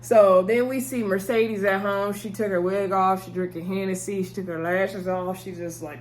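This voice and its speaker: A woman's voice: mid-range voice, steady tone, normal speed, hardly any pauses, a little mellow, a little hiss or hum. A woman giving a casual TV episode recap from a table, talking with her hands, chatty, retelling scenes and calling viewers y'all. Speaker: TV episode reviewer. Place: indoors at a table.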